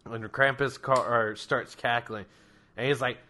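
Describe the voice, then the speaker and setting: A man's voice: mid-range voice, fairly even intonation, unhurried, bright, forceful tone. A man narrating as game master of a tabletop game, rambling and joking crudely between laughs.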